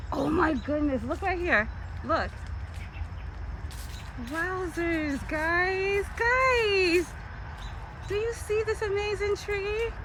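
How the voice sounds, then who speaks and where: A woman vlogging on a walk through a park, chatty and excitedly exclaiming at the views. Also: high-pitched. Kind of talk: casual vlog while walking. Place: outdoors in a city park. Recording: outdoor phone audio with clear city noise.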